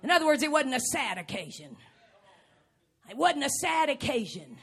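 A woman preaching a lively sermon to a congregation, often shouting and acting out little scenes. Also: high voice, normal speed. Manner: animated, shouting, acts out scenes. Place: church before a live congregation.

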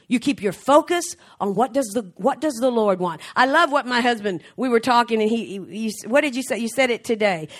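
A middle-aged woman preaching a fervent sermon, swinging from soft, slow passages to shouted exclamations and frequent laughter. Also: a little high, animated. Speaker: traveling preacher.

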